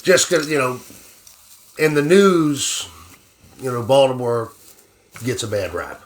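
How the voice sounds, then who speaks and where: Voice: medium pitch, very animated, slow pace. An interview host who keeps a casual conversation moving with short interjections and jokes.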